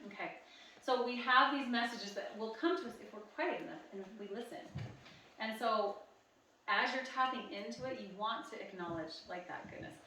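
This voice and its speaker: A woman's voice: fairly high pitch, bright, forceful tone, recorded from a distance, a little hiss or hum. Chatty woman presenter in echoey room. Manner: chatty, laughs often, talks straight to the audience. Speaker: workshop presenter. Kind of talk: live presentation guiding a group exercise. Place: retreat meeting room. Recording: echoey room recorded from afar.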